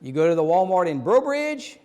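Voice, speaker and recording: A man's voice: sits high, very animated, fairly quick, a little mellow, long reverb tail. A man with a Cajun accent doing folksy stand-up comedy as a keynote speaker, chatty and laughing at his own jokes. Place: large conference hall.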